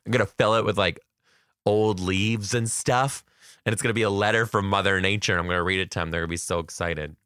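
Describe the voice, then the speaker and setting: Upbeat man, kindergarten teacher hosting his podcast, forceful and bright, dry close sound. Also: fairly low pitch, steady tone, a little fast, smooth, dry recording. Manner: upbeat, chatty, playful. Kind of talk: casual solo podcast chat.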